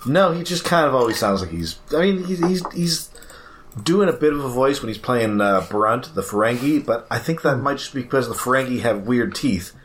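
A man co-hosting a casual chat about cartoons, pausing often with fillers. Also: mid-range voice, lively intonation, a little hiss or hum. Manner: hesitant, many "uh"s. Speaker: podcast co-host.

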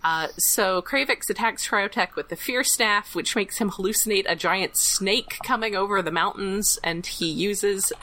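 A woman podcast co-host giving a chatty, casual episode recap, laughing often and filling pauses with "uh". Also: medium pitch, noisy background.

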